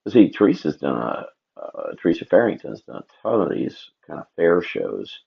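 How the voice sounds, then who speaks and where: A low-pitched, gravelly, husky man talks at normal speed but very animatedly, rambling to himself and viewers as he draws live. It's casual livestream chat captured in dull, lo-fi audio.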